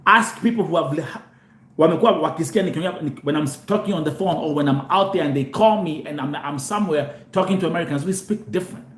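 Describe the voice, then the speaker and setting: Animated Kenyan man in an echoey room. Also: a little high, fast talker. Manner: animated, mixes Swahili and English, repeats himself. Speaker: host. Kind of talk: live show monologue to viewers.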